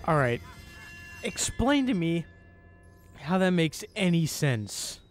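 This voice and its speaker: A man doing let's-play commentary as a gaming YouTuber, excitable, swearing and yelling at the game. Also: on the high side, slow, over music.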